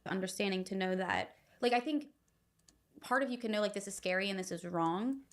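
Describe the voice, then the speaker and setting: A woman hosting a podcast, reassuring her guest in quick, thinking-aloud sentences. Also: mid-range voice. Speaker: podcast host. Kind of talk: supportive conversation.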